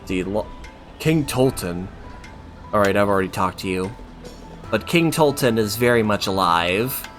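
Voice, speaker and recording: A man's voice: fairly low pitch, animated, measured pace, pauses often, fairly bright tone, faint music behind. A man streaming a game, chatting casually and reading its story text aloud.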